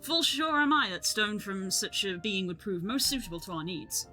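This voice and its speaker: A woman's voice: medium pitch, brisk, sharp tone, soft background music, close to an everyday voice. A woman voicing a verbose male scholar who talks in old-fashioned Shakespearean phrasing, reading game lines aloud. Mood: solemn.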